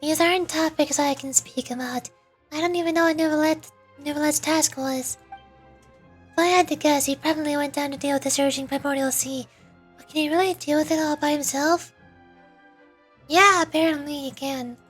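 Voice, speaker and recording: High-voiced woman streamer, chatty and casual, faint music under. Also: steady tone, normal speed. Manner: chatty, self-commenting, laughs often. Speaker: voice-acting streamer.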